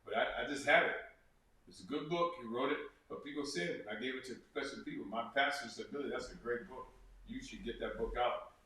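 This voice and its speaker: A man's voice: mid-range voice, brisk, pushed and bright. A man earnestly talking as an interview guest, repeating phrases and acting out quotes. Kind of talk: casual interview talk. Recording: echoey room from far off.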